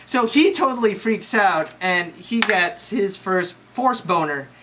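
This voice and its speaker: A young storyteller rambles through a crude, slangy movie recap, scattering "like" everywhere. The voice sits at an ordinary middle pitch. Steady hiss runs under the home recording. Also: a little slow. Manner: slangy, profane, rambling with lots of "like". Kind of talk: casual comic movie recap.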